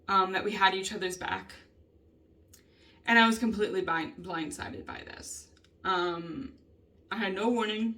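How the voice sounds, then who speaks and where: A woman venting in a casual vlog, upset and emotional, frustrated and swearing a lot with halting ums. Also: medium pitch, fairly bright tone. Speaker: vlogger. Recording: voice a bit distant from the mic.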